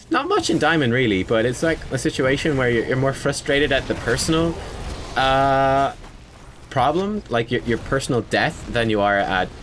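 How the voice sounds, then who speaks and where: A man talks through his own match replay in an easygoing, conversational way, often pausing on fillers and owning up to his mistakes. His voice sits at an ordinary middle pitch, with a faint hum of background noise. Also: fairly bright tone. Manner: conversational, frequent fillers, self-critical. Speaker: gaming video creator. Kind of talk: gameplay analysis commentary.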